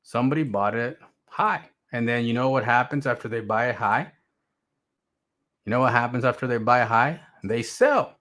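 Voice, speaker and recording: A man hosting his own stream, delivering a blunt, profane motivational rant that keeps repeating itself and swings between loud and quiet. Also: mid-range voice, expressive, normal speed. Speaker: crypto streamer.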